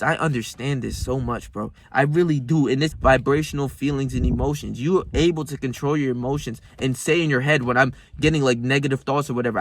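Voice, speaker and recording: A young man talking straight to camera in a casual motivational monologue, rambling and emphatic, swearing often and calling the viewer bro. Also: medium pitch. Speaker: self-improvement vlogger.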